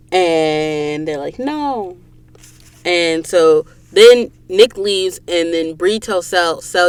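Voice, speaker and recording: A woman from Georgia hosting a podcast, retelling a novel's plot in an animated, gushing way with quick asides to listeners. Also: low voice. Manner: animated, gushing storyteller, slips into whispers and asides. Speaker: podcast host. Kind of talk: casual book recap. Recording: dry close recording booth.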